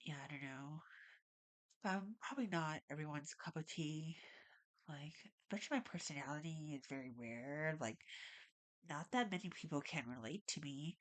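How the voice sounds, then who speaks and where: A woman's voice: sits low, moderate pace. A woman vlogging casually at home, rambling and saying "like" a lot, with a stuffy nose and audible breathing. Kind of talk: casual talk to camera. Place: at home, alone.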